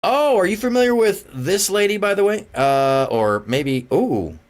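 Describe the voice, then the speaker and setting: A man's voice: high voice, measured pace. A man hosting a stream, rambling and swearing through casual reaction commentary. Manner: rambling, profane, animated. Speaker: streamer host.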